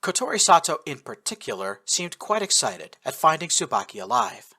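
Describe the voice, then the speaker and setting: An expressive man reads a first-person war tale aloud with lively storytelling. His voice is bright and forward, and his pitch moves freely over a wide range. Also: moderate pace, slightly rough. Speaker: narrator. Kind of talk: first-person audiobook narration of fan fiction.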